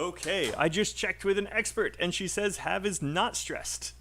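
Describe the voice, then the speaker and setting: A man's voice: sits high, measured pace, few pauses, pushed and bright, slight background noise. A man teaching English pronunciation on a live stream, chatty and encouraging, calling out names from the chat.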